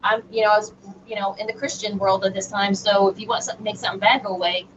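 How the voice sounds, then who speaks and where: A middle-aged woman, an interview guest telling a personal story in an animated, emphatic way with frequent restarts. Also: mid-range voice, fast. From Southern United States. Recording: distant, dull remote audio with faint noise.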